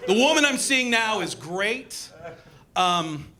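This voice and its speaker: Bright, high-voiced male stand-up comic. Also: slow pace. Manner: animated, acts out voices and punchlines. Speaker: stand-up comedian. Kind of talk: stand-up comedy set. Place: comedy club stage.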